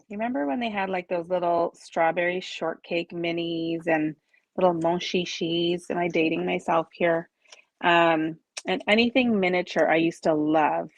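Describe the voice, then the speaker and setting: A woman's voice: on the low side, dry recording. A woman in her forties hosting a live crafting stream at her home desk. She chats casually with viewers, explains each step and laughs often at herself. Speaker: crafting host.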